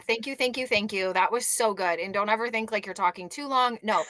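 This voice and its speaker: A woman's voice: mid-range voice, fairly quick, bright, forceful tone, dry recording. A woman hosting a video call who praises and encourages a team member with emphatic, cheerleading talk. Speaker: host and team leader.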